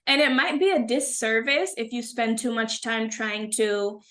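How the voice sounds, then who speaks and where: A woman co-hosting a casual talk about language learning, speaking in a warm, affirming, emphatic way. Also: fairly high pitch, unhurried. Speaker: co-host, Spanish and English teacher. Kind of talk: casual conversation.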